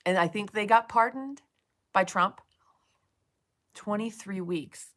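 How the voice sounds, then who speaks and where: A woman's voice: mid-range voice, slow pace, pauses often. A woman streaming live, chatting casually with viewers, swearing freely and soothing them by turns. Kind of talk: casual livestream chat.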